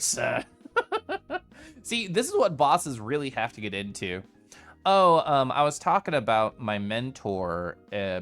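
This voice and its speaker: A man's voice: mid-range voice, fairly bright tone, clear, resonant tone. A young man chatting casually on a live stream, answering his chat and laughing often.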